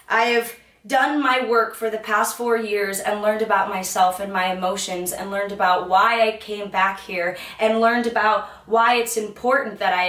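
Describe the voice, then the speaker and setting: A woman's voice: fairly high pitch, a bit bright. A woman vlogger giving an earnest, emphatic motivational talk to the camera, swearing freely. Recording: echoey room, mic at a distance.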